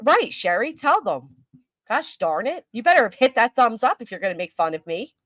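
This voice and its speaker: This YouTube commentary host is an older woman with a fairly high, fairly bright voice that swings widely in pitch at a moderate pace. She chats casually during a live stream, mocking herself and replying to her chat, in studio quality with no room sound.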